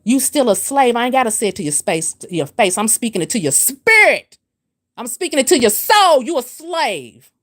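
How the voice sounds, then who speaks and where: A woman hosts a spiritual livestream. She scolds and preaches at a commenter, hammering her points with repetition. Her pitch swoops from low and firm to high and emphatic. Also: big pitch swings, fairly quick, fairly bright tone. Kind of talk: livestream rant answering comments.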